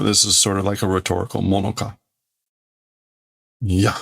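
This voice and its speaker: A man's voice: low voice, flat delivery, normal speed, gravelly, husky. A man who streams himself translating a comic, talking casually and thinking aloud with many hedges. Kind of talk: casual live commentary.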